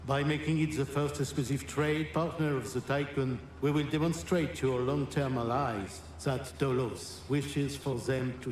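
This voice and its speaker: A suave council philosopher with a thick French accent, as a man voices him, his speech smooth and grandiose. He sounds set back from the mic in a roomy, echoey space, with a faint hiss underneath. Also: mid-range voice, darkish tone, natural voice. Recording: distant echoey game audio.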